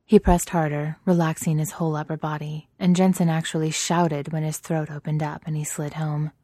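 A woman reading erotic fiction aloud in a soft, intimate, steady manner, slipping into breathy whispers at times. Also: deep voice, normal speed, no echo, studio quality. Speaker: narrator.

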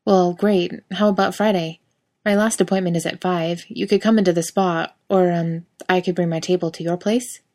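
A woman's voice: on the low side, steady tone, normal speed, a little mellow, lightly acted. A woman voicing a teasing young masseur. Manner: teasing, playful. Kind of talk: audiobook fiction reading.

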